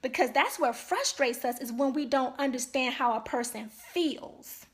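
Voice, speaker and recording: A woman's voice: sits high, unhurried. A woman giving marriage advice in an emphatic, preachy way, talking casually to viewers from a live stream. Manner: emphatic, preachy, animated delivery with rhetorical asides. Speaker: marriage coach. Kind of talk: casual teaching talk to viewers.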